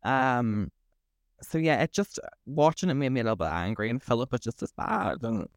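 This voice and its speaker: A man's voice: mid-range voice, normal speed, dry recording, clean studio sound. A man, co-hosting a podcast and ranting in casual, sweary chat. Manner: sweary, ranting, animated storytelling. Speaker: podcast co-host.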